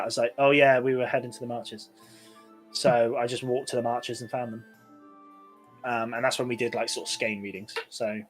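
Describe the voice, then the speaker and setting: A man's voice: mid-range voice, fairly bright tone. Rambling man, casual podcast chat. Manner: rambling storytelling with many fillers. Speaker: podcast co-host.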